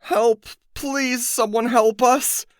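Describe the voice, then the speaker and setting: A man's voice: extremely high pitch, steady tone, slow, dry recording, clean studio sound, voice pushed up. A man voicing a freed captive woman who screams and pleads in terror, in a solo-acted audiobook. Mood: pleading. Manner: shrieking, pleading desperately.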